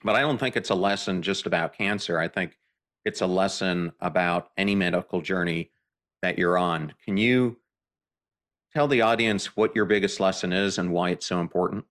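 A man hosting a podcast interview, asking earnest, deliberate questions. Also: deep voice, a bit bright. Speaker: podcast host.

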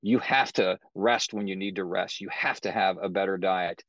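A middle-aged man speaking as a podcast guest, telling his story in a measured, matter-of-fact way. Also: deep voice, steady tone, fairly bright tone, no echo, dull audio. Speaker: guest, author. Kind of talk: podcast interview.

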